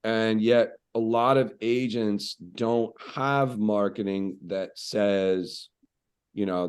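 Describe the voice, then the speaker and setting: A man speaking as a real estate coach on a podcast, telling stories in a conversational, animated way with frequent fillers. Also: lowish voice, takes it slowly, smooth.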